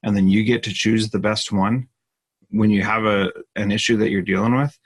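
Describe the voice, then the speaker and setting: A man's voice: fairly low pitch, steady tone, moderate pace, breathy edge. A man cohosting a live question-and-answer session on leadership, talking earnestly and emphatically, often restarting his sentences. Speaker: podcast host. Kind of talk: live Q&A conversation.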